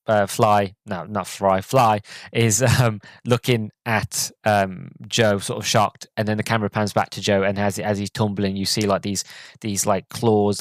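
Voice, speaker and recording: A man's voice: fairly low pitch, dry recording. A man hosting a podcast, giving an enthusiastic casual movie review full of restarts and fillers. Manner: rambling, many restarts and fillers. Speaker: podcast host.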